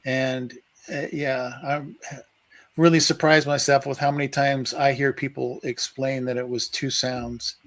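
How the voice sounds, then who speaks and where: A man, a guest on a live-stream interview, telling a personal story in an unhurried, halting way. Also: mid-range voice, level tone, fairly bright tone, rough recording. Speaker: guest researcher.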